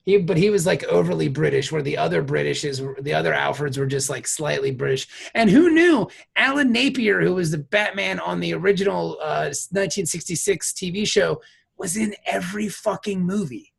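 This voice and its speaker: A man with a deeply gravelly, rough-edged voice that sits a little high, trading jokes on a podcast. His talk is casual and loose, with plenty of swearing. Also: expressive, brisk. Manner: joking, profane banter. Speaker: podcast co-host. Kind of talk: casual chat.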